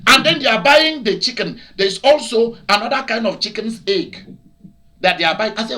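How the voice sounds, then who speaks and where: A man with a Nigerian accent preaching as a pastor, telling stories in an animated way that bursts into shouts and laughter. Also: sits high, normal speed. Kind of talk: preaching to a broadcast audience.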